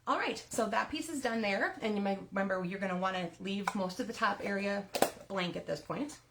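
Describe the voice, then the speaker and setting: A woman with a gravelly edge to her voice talks viewers through a card-making project one step at a time. She chats casually as she works, laughing now and then at her own slips. A faint hiss sits under the recording. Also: medium pitch, a little fast, fairly bright tone. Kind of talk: live crafting tutorial.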